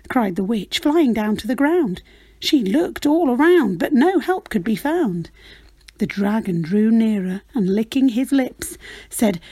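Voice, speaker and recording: Expressive woman reading a rhyming storybook. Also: fairly high pitch, unhurried, slightly rough, dry recording. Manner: rhythmic, expressive rhyming delivery. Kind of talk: children's picture book read-aloud.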